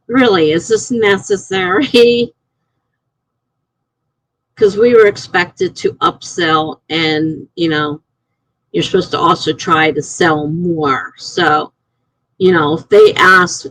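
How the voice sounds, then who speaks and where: A middle-aged woman hosting a live stream, chatting casually and rambling through stories, getting animated when she is indignant. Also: sits low, unhurried, dry recording, low-quality recording. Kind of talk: casual live-stream chat reading comments.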